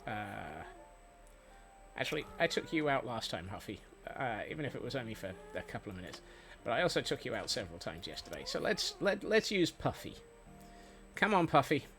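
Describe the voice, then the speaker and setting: A man's voice: medium pitch, very animated, fairly quick, fairly bright tone. A man chatting casually while streaming a game, rambling and playful, with many fillers and restarts. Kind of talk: casual gameplay chat. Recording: faint music behind.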